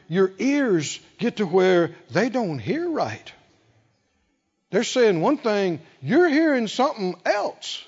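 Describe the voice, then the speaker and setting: A middle-aged male preacher delivering a sermon, acting out quoted conversations with humor. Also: extremely high pitch. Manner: animated, acts out quoted dialogue with humor. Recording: dull lo-fi sound with long hall reverb.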